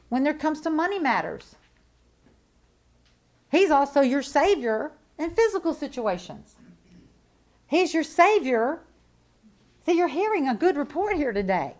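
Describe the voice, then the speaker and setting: A woman preaching a sermon with a fairly high voice. She is emphatic and repeats her points, swinging from loud declarations to hushed asides. Her delivery is conversational and folksy, full of rhetorical questions.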